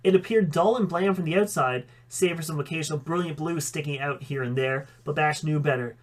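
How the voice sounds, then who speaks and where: A man's voice: on the high side, a little fast. A man reading a fan story aloud, with occasional slips that he corrects. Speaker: audiobook reader.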